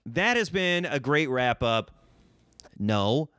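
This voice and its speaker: A man's voice: mid-range voice, very animated, slow pace, a bit bright, smooth, no echo. A man from Missouri hosting a solo podcast, rambling and joking with a profane, self-mocking streak. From Missouri, United States. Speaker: podcast host.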